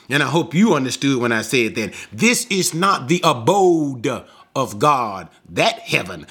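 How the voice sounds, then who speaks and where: A man's voice: a little high, a bit bright, slightly rough. Emphatic man teaching a Bible passage. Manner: emphatic, repeats key phrases, asks the audience rhetorical questions.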